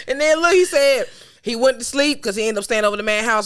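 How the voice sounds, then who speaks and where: Animated, bright-voiced profane woman. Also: medium pitch, brisk, clear, resonant tone. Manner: loud, profane, laughing storyteller. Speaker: podcast co-host. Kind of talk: casual chat.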